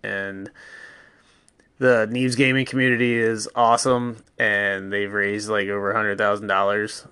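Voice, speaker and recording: A man in his thirties hosting a casual solo podcast at home, rambling and swearing through a deadpan mock ad with pets around him. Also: on the low side, measured pace, clean tone, dry recording. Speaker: podcast host.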